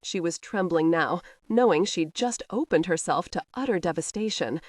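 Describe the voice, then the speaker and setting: Lady reading a novel aloud, lowish voice with lots of lift and fall, dry close mic. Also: expressive, normal speed, no room sound. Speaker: narrator. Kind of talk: audiobook narration.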